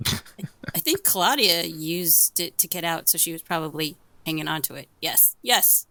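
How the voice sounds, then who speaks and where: A woman's voice: low-pitched, lively intonation, a little slow, sharp tone, no room sound. A woman playing a tabletop game for comedy, giggling often and protesting at the crude jokes. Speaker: player.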